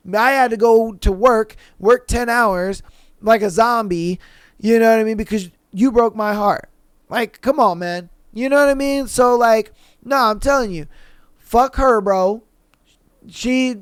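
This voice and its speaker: Young male podcast host, high-pitched, smooth voice; blunt, heated, profane commentary. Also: a little slow, no echo, studio quality. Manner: blunt, profane, heated, addresses listener as bro. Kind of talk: casual reaction commentary.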